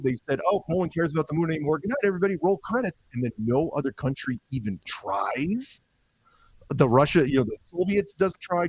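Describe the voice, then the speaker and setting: Husky-voiced man telling animated stories. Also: on the high side, no room sound, poor audio. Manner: animated storyteller acting out quoted voices. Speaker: podcast guest. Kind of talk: conversational explanation.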